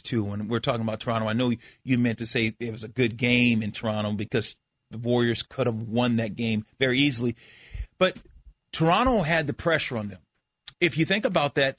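A man co-hosting sports talk radio in a studio, animated and quick to interrupt, often repeating his words. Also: mid-range voice, dry recording.

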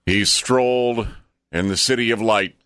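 A male radio anchor delivers the news and trivia in a low, slow, deliberate voice. His pitch moves a lot as he drops dry, wry asides. The sound is close and dry, with faint music under it. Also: a bit bright, no room sound. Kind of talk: radio show banter and deadpan news reading.

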